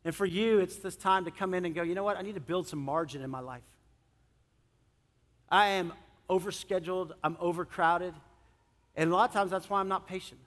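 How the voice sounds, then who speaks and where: A middle-aged male pastor preaching a sermon, animated, swinging between loud emphasis and soft, earnest moments. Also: high voice, brisk, long pauses. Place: church sanctuary. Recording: long church hall reverb.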